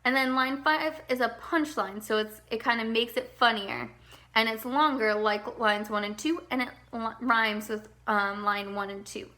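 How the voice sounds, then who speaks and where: A woman's voice: on the high side, steady tone, moderate pace, sharp tone. A young woman teacher giving a recorded lesson to children, explaining step by step and checking in often.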